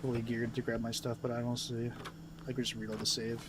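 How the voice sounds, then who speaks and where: A man's voice: mid-range voice, monotone, a little fast, noisy background. A man giving casual gameplay commentary, rambling and self-amused, easily sidetracked. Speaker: game streamer.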